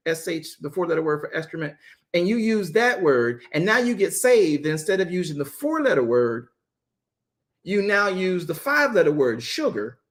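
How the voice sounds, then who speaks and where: Animated joking man teaching scripture. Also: high-pitched. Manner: joking, animated, talks straight to the group; repeats himself and restarts phrases. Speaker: apostle teaching a Bible study. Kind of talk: casual Bible study teaching.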